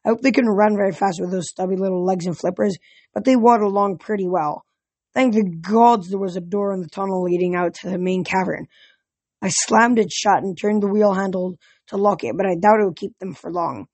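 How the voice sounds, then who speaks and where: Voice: medium pitch, a little fast, a little mellow, no echo. An amateur audiobook reader narrating a first-person adventure story, often stumbling over words and restarting.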